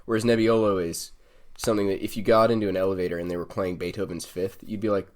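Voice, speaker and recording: Low-voiced, playful swearing man. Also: flat delivery, quick pace. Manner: playful, profane, riffing on analogies. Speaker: podcast co-host. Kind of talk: casual chat.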